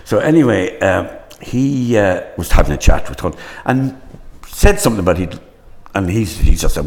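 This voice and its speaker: A man's voice: deep voice, animated, normal speed, creaky, background noise. An older man, a stage actor, reminiscing in an interview with rambling, stop-start storytelling.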